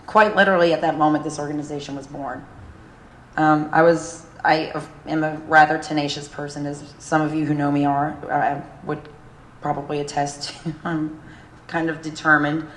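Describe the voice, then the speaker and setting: A woman's voice: deep voice, level tone, moderate pace. A middle-aged woman giving an emotional gala speech as a charity founder, earnest, with nervous fillers. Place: large hotel ballroom. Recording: echoey event hall, faint room noise.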